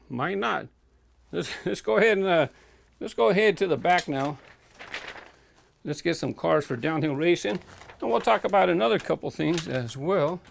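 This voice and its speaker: A man with a slightly high, gravelly voice talks casually as he wanders his home warehouse, pausing often with fillers as he thinks aloud. He rambles from shelf to shelf, a little short of breath. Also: slight background noise. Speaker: toy car collector vlogger. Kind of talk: casual walk-through vlog.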